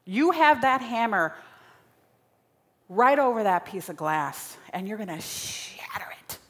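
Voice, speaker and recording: A woman's voice: mid-range voice, lively intonation, measured pace. Lady preacher giving a sermon, big dramatic repeats, long echo like a big church hall. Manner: dramatic, emphatic repetition. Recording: long reverb of a large hall.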